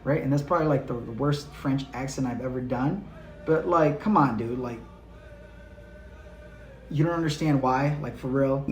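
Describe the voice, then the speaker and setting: A man gives a casual history lesson in a blunt, slangy, conversational way. His voice sits at an ordinary middle pitch. It is recorded in a roomy, echoing space with faint music underneath. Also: normal speed, long pauses, dull audio. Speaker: history channel host.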